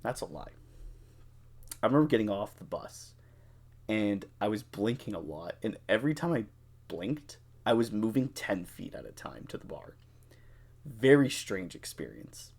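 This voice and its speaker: A young adult man co-hosting a podcast, telling a drinking story in a casual, animated way, swearing freely and acting out what people said. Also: on the low side, normal speed, creaky. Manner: animated, profane, acts out quotes. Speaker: podcast co-host.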